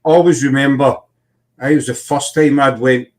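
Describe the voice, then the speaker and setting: A man's voice: medium pitch, fairly even intonation, normal speed, a little mellow. A man with a Scottish accent, hosting a casual chat and telling rambling anecdotes.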